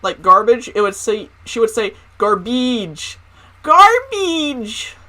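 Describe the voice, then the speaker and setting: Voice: mid-range voice, steady tone, normal speed, sharp tone. A young adult telling funny school stories in a casual, profane way, full of "like" fillers. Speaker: storyteller. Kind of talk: comedic personal storytelling.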